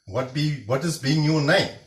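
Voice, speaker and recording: A man's voice: on the high side, moderate pace, reverberant, close to an everyday voice. A man voicing an eager, overly formal man on a train, polite and drawn out, stumbling over syllables. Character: eager formal man on a train, proud of his long name.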